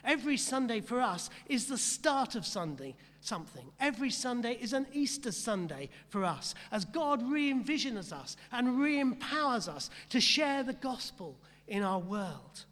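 A man's voice: extremely high pitch, very animated, unhurried, hardly any pauses, fairly bright tone, in a large hall. A man preaching a sermon with rhetorical questions and repeated emphatic phrases, speaking. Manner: rhetorical, repetitive emphasis, asks the congregation questions. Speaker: pastor.

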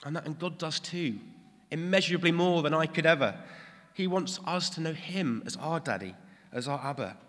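A man's voice: fairly high pitch, normal speed. A young British man, a new father, preaching an earnest and reflective sermon with personal stories. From Britain. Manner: warm, earnest, reflective storytelling. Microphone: stage mic, later handheld. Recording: long reverb in a large hall.

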